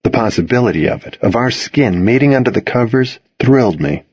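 A man narrating a first-person audiobook with intimate, expressive storytelling. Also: medium pitch, a little fast, slightly rough, no echo, highs cut off.

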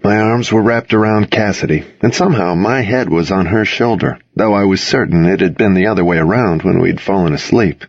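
A man narrating a first-person audiobook with intimate, expressive storytelling. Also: low-pitched, brisk, hardly any pauses, no echo, highs cut off.

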